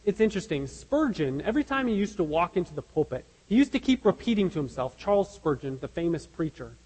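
A man's voice: sits high, very animated, fast, a little mellow, slightly rough, big-room sound, poor audio. A man preaching a sermon as pastor, earnest and emphatic, asking his listeners rhetorical questions.

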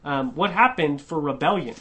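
A man preaching a sermon verse by verse in a conversational way. He often checks in with a questioning "right?", restarts words and slows down to stress key phrases. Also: on the high side, lively intonation, sharp tone. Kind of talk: expository sermon.

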